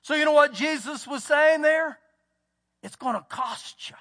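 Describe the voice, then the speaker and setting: High-voiced Texan pastor preaching. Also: male voice, measured pace, sharp tone. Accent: Texas. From United States. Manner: folksy storytelling, acts out quotes. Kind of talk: sermon. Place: church sanctuary. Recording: church hall with long reverb.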